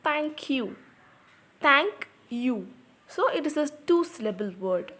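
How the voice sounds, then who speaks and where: A woman's voice: high-pitched, big pitch swings, moderate pace. A woman teaching a lesson on poetry, explaining patiently and repeating example words aloud, in English with non-native grammar.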